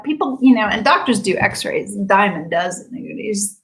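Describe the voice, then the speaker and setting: A woman practitioner telling a story in a casual monologue, lively and chatty, full of fillers and acted-out quotes. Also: medium pitch, moderate pace, rough recording. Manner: animated, acts out quoted speech. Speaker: quantum healing practitioner.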